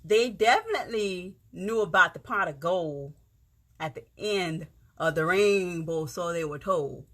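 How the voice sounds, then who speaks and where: Casting: woman with a Lowcountry Gullah-Geechee accent, bright and forceful voice, folksy livestream host on a phone. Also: measured pace. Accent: South Carolina Lowcountry Gullah-Geechee. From Yamassee, South Carolina. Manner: chatty, greets viewers by name, folksy. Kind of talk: casual encouraging livestream talk. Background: faint music.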